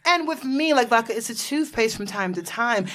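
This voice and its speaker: A woman's voice: on the high side, animated, normal speed, a bit bright. A woman in her thirties from Florida, hosting a casual podcast chat, bubbly and laughing often, swearing freely. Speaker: podcast host.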